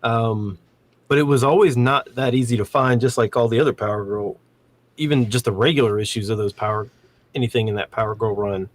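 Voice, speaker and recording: Dude breaking down comic prices, relaxed, lots of ums, dry sound. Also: male voice, medium pitch, brisk, no room sound. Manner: relaxed, explanatory, with filler ums. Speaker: comic book market commentator. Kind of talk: casual livestream chat.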